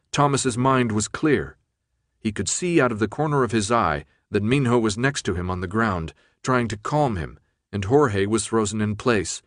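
A man reading a story aloud as an audiobook narrator, steady and measured. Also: lowish voice, no room sound, clean studio sound. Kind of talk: scripted narration.

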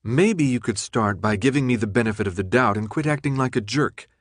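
A man's voice: medium pitch, lively intonation, brisk, no room sound, natural voice. A man reading an audiobook, voicing a young woman who pleads her case insistently. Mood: pleading.

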